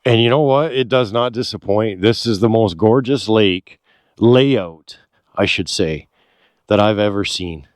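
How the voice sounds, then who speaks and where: A man narrating his ATV trail vlog outdoors in a casual, excitable, rambling way, swearing now and then. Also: fairly low pitch, a little slow, no echo, clean studio sound.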